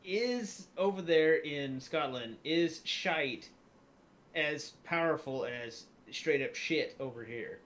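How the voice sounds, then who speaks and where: A man in casual chat, animated and fond of imitating people for laughs. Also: on the high side, takes it slowly.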